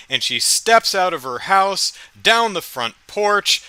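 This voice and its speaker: A man's voice: high voice, sing-song, a little slow, hardly any pauses, sharp tone, dry recording. A man hosting a casual solo podcast, recapping with wry, amused storytelling into a close mic. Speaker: podcast host.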